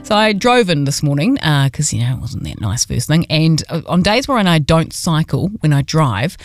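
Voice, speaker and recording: A woman's voice: sits low, sing-song, normal speed, soft background music. A woman with a New Zealand accent, hosting a radio show and telling a story in a chatty, self-mocking way. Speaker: radio host. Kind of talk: casual on-air storytelling. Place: radio studio.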